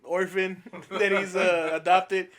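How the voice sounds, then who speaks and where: A young man co-hosting a podcast, telling animated anecdotes and swearing freely. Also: sits high, slow. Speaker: podcast co-host. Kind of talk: casual chat.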